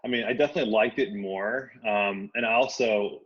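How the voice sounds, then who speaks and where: A man who grew up in the United States, a guest attorney telling his story in a friendly, relaxed way with plenty of ums. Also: lowish voice, brisk, breathy edge. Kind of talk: casual interview chat. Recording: dull lo-fi audio.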